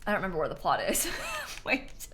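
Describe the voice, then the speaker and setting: A young woman chatting casually on a live stream, excitable and quick to laugh and squeal as she plays and thanks donors. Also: on the low side, over music.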